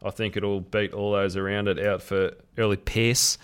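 An Australian man with a low, smooth and resonant voice co-hosts a casual sports podcast. He tosses in dry wisecracks between tips. His delivery is relaxed and conversational. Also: moderate pace. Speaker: podcast co-host. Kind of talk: casual sports betting chat.

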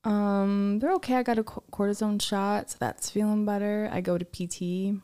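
A woman's voice: medium pitch, steady tone, moderate pace, mellow, clean tone. A woman co-hosting a podcast, chatting casually, giggly and playful. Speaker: podcast co-host. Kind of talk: casual comedic chat.

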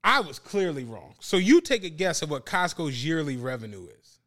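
Slightly high and at a moderate pace, this male podcast co-host chats casually while telling stories. He's animated, uses profanity freely, and acts out quotes.

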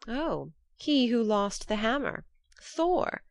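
A woman's voice: a little high, very animated, slow, vocal fry, no echo, studio quality, voice pushed up, full character voice. A woman voicing a cunning, mocking male trickster god in a storybook reading. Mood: sly. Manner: sly, mocking.

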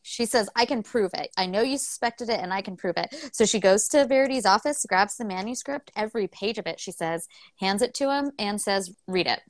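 Animated woman retelling a plot. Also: medium pitch, fairly quick, dry recording. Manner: animated storytelling, acts out quotes, swears casually. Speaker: podcast co-host. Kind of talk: casual book discussion, retelling the plot.

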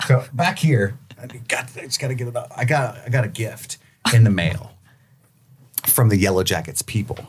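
A man's voice: medium pitch, moderate pace, slight background noise. A man co-hosting a podcast, joking around in casual banter and laughing often. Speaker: podcast co-host.

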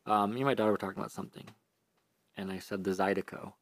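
Low-voiced male co-host, offhand and crude, dry close recording. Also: little pitch movement, racing, no echo. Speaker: podcast co-host. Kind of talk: casual chat.

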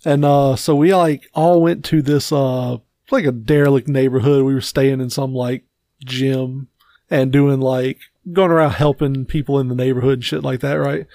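A man's voice: medium pitch, fairly even intonation, moderate pace, dark tone, no room sound, clean studio sound. A man co-hosting a podcast, telling a loose, rambling story in casual chat with many fillers. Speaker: podcast co-host.

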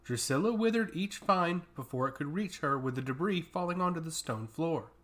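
A man narrating a fantasy story with a steady, dramatic reading. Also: fairly high pitch, moderate pace.

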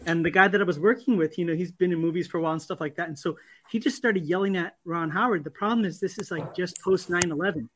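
A man's voice: high-pitched, quick pace, a bit bright, a little hiss or hum. A man in casual podcast talk, telling rambling anecdotes with many fillers. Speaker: podcast co-host, artist. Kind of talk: casual chat.

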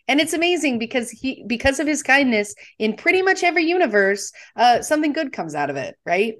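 A woman's voice: high-pitched, big pitch swings, fairly quick, few pauses, a bit bright. Woman chatting casually on a podcast. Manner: chatty, retelling scenes with fillers. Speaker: podcast co-host. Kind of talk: casual movie discussion.

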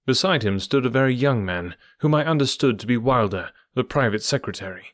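A man reading an audiobook aloud as narrator, in a steady, even storytelling manner. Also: mid-range voice, brisk, dry recording, clean studio sound. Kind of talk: scripted narration.

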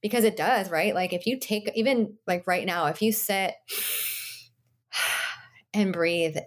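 A woman's voice: mid-range voice, moderate pace. Reassuring woman explaining with "right?" tags. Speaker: podcast guest, yoga teacher. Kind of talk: casual conversation.

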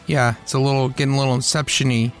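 A man's voice: medium pitch, flat delivery, quick pace, soft background music. A man hosting his own podcast, chatting casually and self-deprecatingly, with lots of restarts and tangents. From Atlanta area, US. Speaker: podcast host. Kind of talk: casual monologue.

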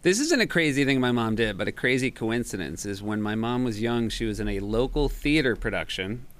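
Male podcast co-host, mid-pitched, dry and wry, casual chat. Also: lively intonation, brisk.

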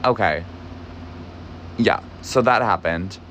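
A man's voice: fairly low pitch, takes it slowly, pushed and bright, a little hiss or hum. A young man telling a story in a casual, agitated way, cursing often for emphasis. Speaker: podcast host, former barista.

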